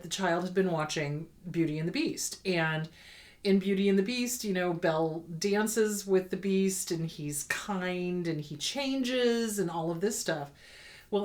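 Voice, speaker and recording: A woman therapist hosting an advice show, talking through viewer letters in an earnest, conversational way and repeating words for emphasis. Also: fairly low pitch. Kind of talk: casual advice talk answering viewer letters.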